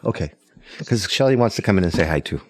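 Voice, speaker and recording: A man co-hosting a podcast in casual chat, an animated storyteller who jokes and slips into voices. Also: low voice, fast. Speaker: podcast co-host.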